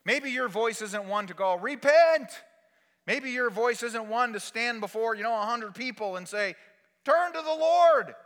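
A man preaching a sermon as pastor, swinging between loud exhortation and quiet, intimate asides. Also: high-pitched, moderate pace, hardly any pauses, big-room sound.

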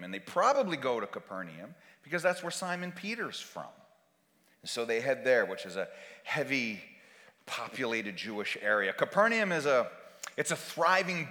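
A man's voice: mid-range voice, fairly bright tone, big-room sound. A male pastor preaching a sermon in a conversational, storytelling way. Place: church sanctuary.

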